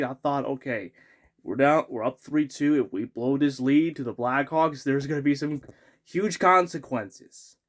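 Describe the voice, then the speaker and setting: A fan vlogger with a slightly high man's voice rants about a hockey game in a loose, casual way. He gets worked up and rambles, stopping and restarting his sentences as he talks. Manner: excitable, rambling, frequent restarts.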